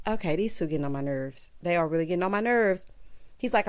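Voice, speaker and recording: A woman's voice: on the low side, expressive, fast talker. A woman, recapping reality TV in a sassy, casual way and acting out quotes in changed voices. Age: 30s.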